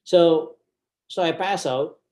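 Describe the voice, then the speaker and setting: A man tells a personal story to an audience, slowly and deliberately. His voice sits a little high, and he leans on dramatic repetition. A roomy hall echoes around him. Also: darkish tone. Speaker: guest speaker.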